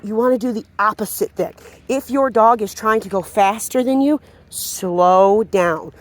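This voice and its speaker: A woman dog trainer explaining leash work outdoors in a casual, chatty way. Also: mid-range voice. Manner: casual, explanatory, talking to a dog between points. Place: outdoors on a walk.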